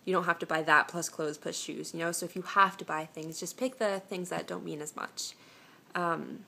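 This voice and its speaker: Young woman vlogger, lowish creaky voice, casual advice chat recorded on a phone camera. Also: fairly even intonation, moderate pace, sharp tone. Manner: chatty and reassuring, with many "um"s and restarts. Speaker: vlogger answering viewer questions.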